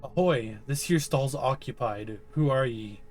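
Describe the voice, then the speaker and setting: A man voicing a blustering male pirate imaginary friend who talks in gruff, scolding pirate slang. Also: mid-range voice, unhurried, music in the background, close to an everyday voice.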